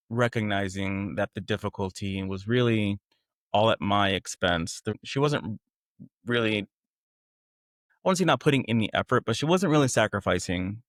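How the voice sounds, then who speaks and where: A man, a podcast guest, candidly recounting a painful past relationship with animated retelling and frequent laughs at how absurd things were. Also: fairly low pitch, dry recording, studio quality. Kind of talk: candid personal storytelling.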